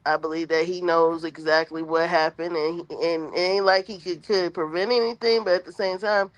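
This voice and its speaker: A woman's voice: fairly low pitch, fairly even intonation, moderate pace, dry recording. A woman co-hosting a live stream, musing hesitantly over her opinions. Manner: musing, hesitant, lots of "I believe". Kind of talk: casual live-stream commentary. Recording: dull lo-fi remote audio.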